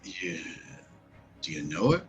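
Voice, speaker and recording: A man's voice: low voice, very animated, takes it slowly, heavily acted, low-quality recording. A man voicing a wary captor who guards a prisoner and doubts his story, in a tabletop role-play. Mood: doubtful. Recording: faint music behind.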